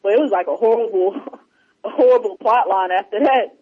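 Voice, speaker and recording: High-pitched guy rambling about old movies, muffled lo-fi sound. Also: moderate pace, breathy edge. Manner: rambling, animated retelling of movie scenes. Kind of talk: casual chat. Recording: muffled lo-fi audio.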